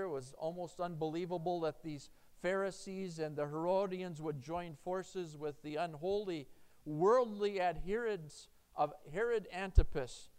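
Man, pastor, sermon, emphatic, smooth clear tone. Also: fairly high pitch. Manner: emphatic, earnest, animated storytelling.

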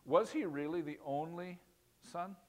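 A man's voice: fairly high pitch, unhurried. A man preaching a conversational sermon on scripture. He asks his listeners questions and repeats words for emphasis. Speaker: pastor.

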